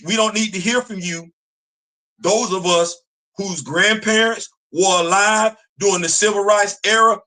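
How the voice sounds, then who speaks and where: A man's voice: high voice, bright, forceful tone. A man, ranting to camera in a casual opinion video, scolding and repeating himself. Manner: preachy, repetitive, scolding. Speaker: video commentator.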